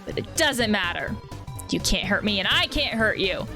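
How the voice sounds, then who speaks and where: A woman who works as a counselor, giving casual commentary while playing a game, with quick exclamations and thoughtful asides. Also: medium pitch, big pitch swings. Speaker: counselor playing video games. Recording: game music under voice. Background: game music.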